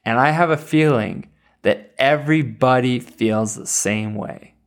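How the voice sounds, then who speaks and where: A man's voice: mid-range voice, measured pace. A man in his thirties talking casually as a reviewer. He speaks eagerly and rambles, with frequent fillers and restarts. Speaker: series reviewer. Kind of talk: casual chat.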